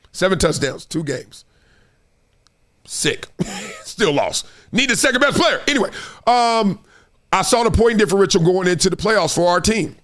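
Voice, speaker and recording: A man hosting a casual sports commentary show, animated and slangy, speaking straight to his viewers and slipping into sing-song bits. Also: high voice.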